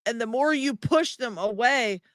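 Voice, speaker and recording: A woman hosting a casual video-call chat, talking in an animated, exclaiming way. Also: fairly high pitch, measured pace, no echo, studio quality. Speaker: host.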